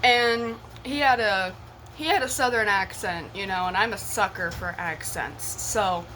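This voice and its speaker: A woman's voice: mid-range voice, measured pace, sharp tone, a little hiss or hum, poor audio. A young woman vlogger telling a personal story to her viewers in a chatty, giggly way, full of slang and swearing. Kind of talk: casual storytelling to camera.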